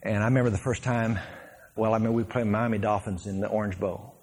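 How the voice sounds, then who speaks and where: A man, a former pro football player, telling stories from his playing days as a sermon to a congregation, laughing and shouting his punchlines. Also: lowish voice, steady tone, a little fast, husky.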